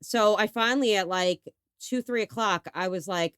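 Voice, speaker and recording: A woman's voice: mid-range voice, unhurried, fairly bright tone, clear, resonant tone, dry recording, studio quality. A woman in her forties from New York, co-hosting a casual podcast chat, telling stories animatedly, acting out quotes and swearing freely. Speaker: podcast co-host.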